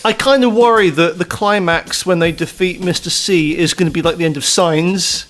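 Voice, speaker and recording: An English man co-hosting a casual podcast, his voice sitting a little high. He talks in long rambling stretches, circling back on himself and swearing freely. Emphatic and chatty throughout. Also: moderate pace, fairly bright tone. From England. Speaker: podcast co-host. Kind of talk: casual chat.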